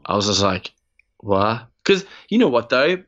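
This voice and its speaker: A man's voice: mid-range voice, unhurried, dull audio. A young Australian man co-hosting a gaming podcast, telling a rambling story full of swearing and acted-out quotes. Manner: animated, swears freely, acts out voices in anecdotes. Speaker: podcast co-host. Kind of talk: casual storytelling chat.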